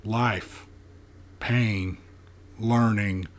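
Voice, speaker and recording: A man voicing an ancient, scarred, chained male monster in an audiobook, speaking in a hoarse near-whisper, slow and solemn. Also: fairly low pitch, fairly even intonation, slight background noise. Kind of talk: audiobook character voice.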